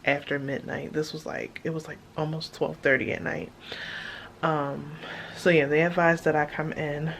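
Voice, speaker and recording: Speaking in a low voice over slight background noise, a woman vlogger gives a casual update packed with fillers. She sounds out of breath, starting in a car and moving to a hospital room.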